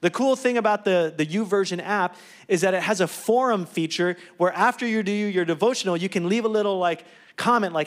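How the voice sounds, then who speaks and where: High-voiced upbeat pastor addressing a congregation. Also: male voice, fairly quick. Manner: upbeat, conversational preaching with asides and quips. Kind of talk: church announcements and exhortation. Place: church sanctuary.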